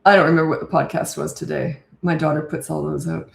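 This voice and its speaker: Older woman parenting coach, straight-talking Q&A, lowish voice in a roomy echo; live answers to comments. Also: level tone, fast, creaky. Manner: chatty and direct, reads comments aloud. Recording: echoey room.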